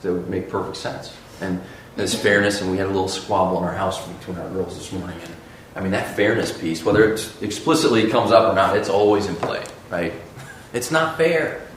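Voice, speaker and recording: Man teaching a church class in an echoey room. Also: lowish voice. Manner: conversational, emphatic, many restarts. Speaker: Sunday school teacher. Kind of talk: discussion-led Bible class. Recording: echoey room, faint background noise.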